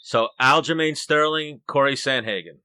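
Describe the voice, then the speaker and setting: A man's voice: medium pitch, normal speed, bright, forceful tone, clear, resonant tone. A man hosting a casual podcast chat, telling stories and running through fight matchups. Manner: storytelling, introduces fight matchups. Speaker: podcast host.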